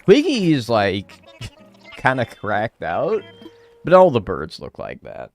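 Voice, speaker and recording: A man's voice: mid-range voice, wildly swooping pitch, slow, gravelly, dry recording, faint music behind. An American man chatting casually on a live stream while playing a game, joking around and swearing freely.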